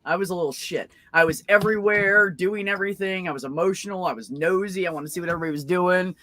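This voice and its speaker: A woman's voice: on the low side, fast, background noise. A woman hosting a casual stream chat and telling rowdy, profane stories from her childhood. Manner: profane, animated storyteller. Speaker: stream host.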